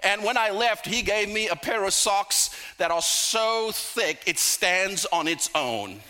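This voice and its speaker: A middle-aged man preaching a sermon, telling personal stories with humorous asides and slowing down for emphasis. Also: high voice, animated, pushed and bright, faint music behind.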